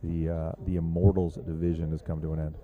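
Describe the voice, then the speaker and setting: A man's voice: sits low, flat delivery, fairly quick, phone-quality sound. A man commentating live at a surf contest, loose and joking, rambling with lots of fillers.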